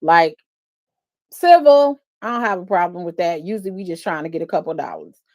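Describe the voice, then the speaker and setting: A woman's voice: fairly low pitch, a little fast. Emotional woman host with sighs. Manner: emotional, expressive, frequent sighs. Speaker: host and defense attorney. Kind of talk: live-stream commentary.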